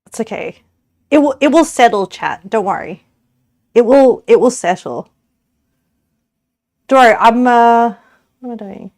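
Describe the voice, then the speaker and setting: A woman's voice: on the high side, animated, measured pace, pauses often, a little mellow, no echo, studio quality. An Australian woman streamer chatting casually with her viewers while cooking, giggly and rambling, often correcting herself.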